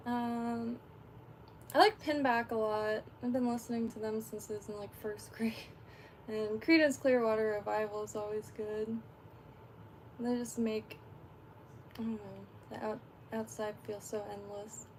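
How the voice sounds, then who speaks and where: A fairly high-pitched woman's voice, with a little hiss or hum, belongs to a fishing livestreamer from Florida, USA. She keeps the chat casual and rambling, dotted with fillers and frequent laughter.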